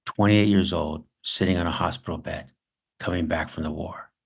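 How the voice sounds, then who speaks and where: A weary, middle-aged woman hotel clerk , as a man quotes her, speaks in a plain, matter-of-fact way. The voice stays low with a gravelly grain. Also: fairly even intonation, moderate pace. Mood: somber.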